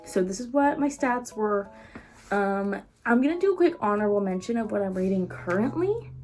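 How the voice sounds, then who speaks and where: Casual, rambling woman book vlogger, excitable and quick to laugh, average pitch, faint music behind. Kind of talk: casual chat.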